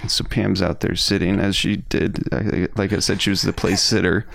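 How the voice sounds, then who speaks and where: A man's voice: deep voice, level tone, moderate pace, gravelly, fairly bright tone, a little hiss or hum. A middle-aged man co-hosting a casual chat, telling jokey school stories in a laid-back way. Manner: laid-back, joking storyteller. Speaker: podcast co-host.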